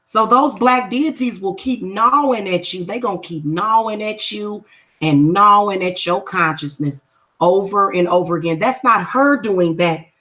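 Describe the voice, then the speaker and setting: A spiritual practitioner who does readings and spellwork talks casually to her livestream viewers in a medium-pitched, fairly bright voice. She's confrontational and emphatic, repeating points to drive them home.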